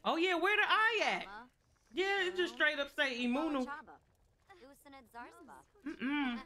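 A woman's voice: high voice, lively intonation, slow pace, sharp tone. A young woman streaming a life-sim game, joking with her chat in a playful, slangy, casual way. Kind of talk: casual gameplay commentary.

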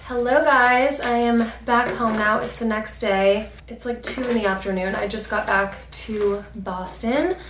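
A woman's voice: a little high, steady tone, a little slow, hardly any pauses, fairly bright tone. A young woman in her twenties chatting casually and upbeat in a lifestyle vlog, full of fillers. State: out of breath. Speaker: lifestyle vlogger. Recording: echoey, distant from the mic, with background noise.

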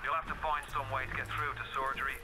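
Unhinged game enemy, preachy, mocking, bright tone. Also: male voice, medium pitch, little pitch movement, fast, a little hiss or hum, poor audio. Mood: taunting. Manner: taunting, preachy.

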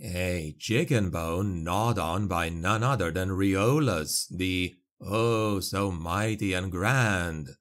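A man voicing a sly, scheming peasant man who poses as a holy abbot, speaking low and hushed in an audiobook. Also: takes it slowly, few pauses.

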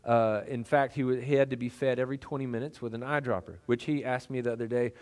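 A man's voice: medium pitch, steady tone, quick pace, a little mellow. A middle-aged male pastor preaching a sermon in a conversational, folksy way, with lots of fillers and restarts.

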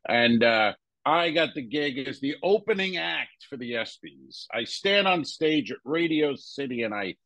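A stand-up comedian co-hosting a podcast, telling a rambling backstage anecdote full of crude jokes. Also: male voice, medium pitch, expressive, a little slow, a bit bright, no room sound, low-quality recording. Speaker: podcast co-host. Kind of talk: casual storytelling.

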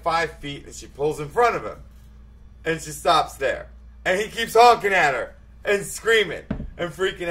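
A man's voice: a little high, fairly bright tone, low-quality recording. A man telling a rambling, profane story in a casual chat among friends. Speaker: podcast co-host.

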